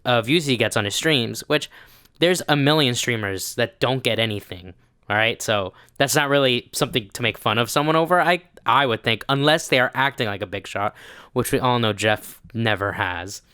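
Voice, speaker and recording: Male podcast voice, crisp and dry, sarcastic, argues his case. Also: medium pitch, moderate pace, bright, forceful tone, no room sound. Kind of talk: casual podcast chat.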